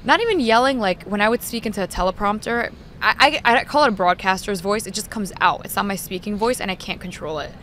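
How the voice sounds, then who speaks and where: A woman's voice: medium pitch, lively intonation, fast talker, a bit bright, slight background noise. A woman in her twenties from Long Island with a Long Island accent, a chatty, self-deprecating podcast guest. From Long Island, New York. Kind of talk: casual interview chat.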